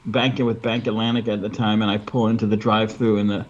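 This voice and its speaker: A man's voice: fairly low pitch, flat delivery, fast talker, lo-fi sound. A man who runs a window cleaning business, bluntly telling a story with lots of swearing. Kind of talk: casual storytelling.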